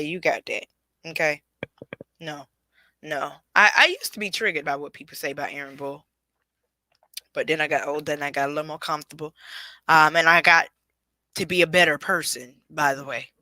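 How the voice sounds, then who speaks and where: Bright, emphatic woman podcast host. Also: low voice, no echo. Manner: emphatic, preachy, addresses listeners directly. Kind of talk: solo podcast talk.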